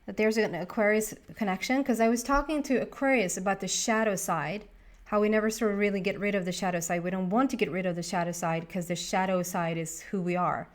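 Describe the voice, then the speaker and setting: A woman's voice: medium pitch, steady tone, a little fast. Chatty woman giving a tarot reading. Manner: chatty, thinks aloud, talks to the cards. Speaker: tarot reader. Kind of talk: casual tarot reading monologue.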